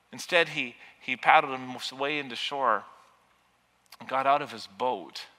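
A man preaching a sermon with passion, building to loud, urgent peaks. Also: mid-range voice. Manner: impassioned, rising to near shouting at peaks. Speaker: pastor. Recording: long reverb of a large hall.

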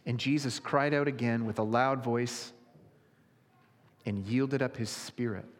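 A man's voice: medium pitch, steady tone, unhurried. A man, a pastor, reads scripture aloud in a sermon with rising dramatic emphasis. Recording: long reverb of a large hall.

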